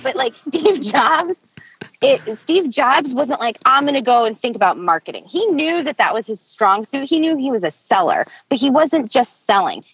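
A woman co-hosting a casual business talk, excited and emphatic, talking fast and swearing freely. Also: high voice, gravelly, husky. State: excited, early morning. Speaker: podcast co-host. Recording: dull lo-fi audio.

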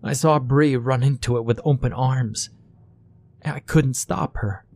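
A man's voice: medium pitch, measured pace, creaky, a little mellow, slight background noise, pitched above the performer's own voice. A man voicing a frightened, grieving mother who talks in a trembling, shaky voice, holding back tears. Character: frightened grieving mother, middle-aged woman.

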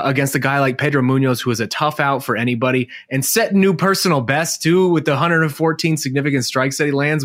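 A man's voice: on the high side, no echo, clean studio sound. A man on a sports talk panel, talking animatedly and emphatically, with lots of "like". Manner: animated, emphatic, heavy use of "like". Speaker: podcast panelist. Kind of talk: casual sports chat.

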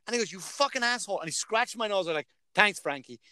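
A higher-pitched Irish man in his thirties spins anecdotes in casual chat, peppering them with swearing and bursts of laughter. His voice sits close and dry, with no room sound around it. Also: lively intonation, quick pace, pushed and bright, clean tone, dry recording. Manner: profane, laughing storyteller.

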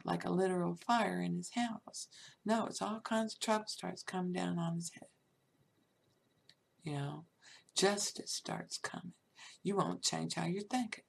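A woman delivers an off-the-cuff monologue in a gravelly, raspy voice. She is emphatic and rambling, scattering "you know" throughout, and often turns scolding. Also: medium pitch. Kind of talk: unscripted monologue.

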